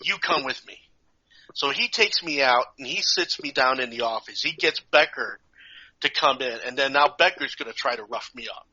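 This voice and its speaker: A man, a podcast co-host, telling a lively story in casual chat, acting out the people in it, in a dull lo-fi recording. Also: mid-range voice, normal speed, slightly rough. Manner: animated, acts out voices.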